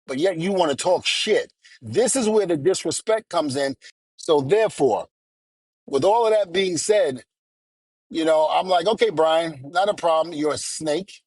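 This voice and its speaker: A middle-aged man rants his way through a story, blunt and cursing as he plays out each exchange. His voice sits a little high for a man. The sound is dry and close. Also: unhurried, a little mellow, dry recording. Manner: angry, blunt, curses, quotes people. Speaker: podcast co-host. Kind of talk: heated storytelling rant.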